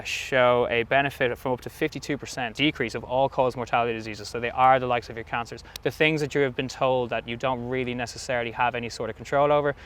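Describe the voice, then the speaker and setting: A man's voice: mid-range voice, a bit bright. A man with an Irish accent, a sauna business owner and guest, chatting enthusiastically with frequent fillers outdoors at a rugby club. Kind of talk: casual interview chat.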